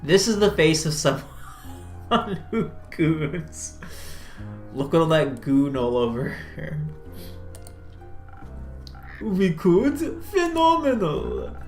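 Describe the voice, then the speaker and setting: In this relaxed let's-play, the streamer speaks slowly with lively intonation and frequent pauses at a medium pitch. They laugh, comment on their accents, greet chat and play the innkeeper almost in their own voice, with faint music in an echoey room.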